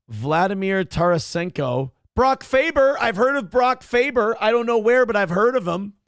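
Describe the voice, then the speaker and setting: A slow, gravelly man hosts a casual morning show. He rambles, thinks out loud and swears freely. His voice sits a bit high for a man and sounds dry and close to the mic. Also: dry recording. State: a little out of breath. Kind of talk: casual live-stream chat.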